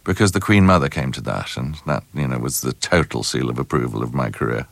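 Deep-voiced British man telling anecdotes. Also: brisk, gravelly, dry recording. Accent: British English. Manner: anecdotal, hesitant with many ums, animated storytelling. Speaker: interview guest, actor. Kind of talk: radio interview.

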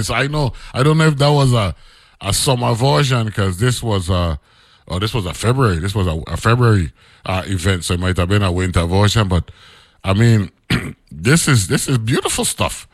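A man's voice: medium pitch, normal speed, dry recording. A man, hosting a radio show and reading an old newspaper article aloud, breaking off into loose, chatty asides.

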